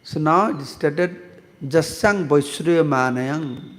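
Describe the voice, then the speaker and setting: A man's voice: on the high side, takes it slowly, long reverb tail. A man, a monk, teaching a scripture class who tells stories, asks the audience questions and chants verses. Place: temple hall.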